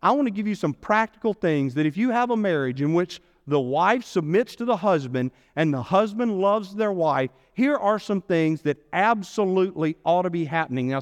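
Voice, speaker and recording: A man preaching a sermon as pastor, telling a Bible story with playful asides and lively delivery. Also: sits high. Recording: long hall reverb.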